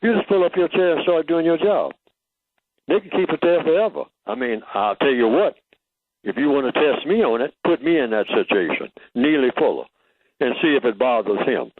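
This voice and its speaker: A man's voice: mid-range voice, expressive, moderate pace, no room sound. An older man speaking as a guest on a radio talk show, teaching emphatically and asking rhetorical questions. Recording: tinny phone line, dry.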